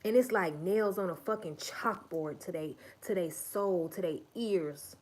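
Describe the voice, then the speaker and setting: A woman's voice: lowish voice, measured pace. A woman hosting a livestream, giving an emphatic, profane and repetitive motivational talk. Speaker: livestream host.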